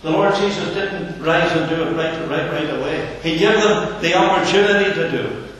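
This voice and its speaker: A man preaching a sermon in an earnest, slow manner, sinking his voice low for emphasis. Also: a bit bright, slight background noise. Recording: echoey hall from far off.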